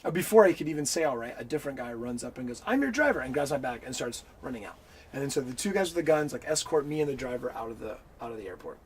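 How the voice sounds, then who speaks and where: A man telling a story in an interview, animated and swearing freely as he acts out the people in it. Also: medium pitch, quick pace, breathy edge. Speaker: interview guest. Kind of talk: casual storytelling.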